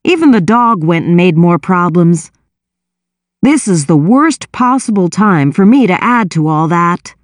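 A woman's voice: fairly low pitch, lively intonation, no echo, studio quality. A woman voicing a guilty, defensive younger teenage brother who whines and hurries to justify himself. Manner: whining, sheepish and quick to justify himself.

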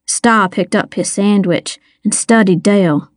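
Slow, measured woman narrating an audiobook. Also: mid-range voice, no echo, clean studio sound. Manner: measured, wry storytelling. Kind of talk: first-person audiobook narration.

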